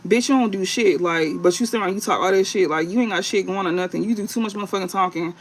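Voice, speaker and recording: A man with a high-sitting voice hosts a late-night livestream as a tarot reader. He talks bluntly and profanely, using drawn-out fillers and repeating phrases.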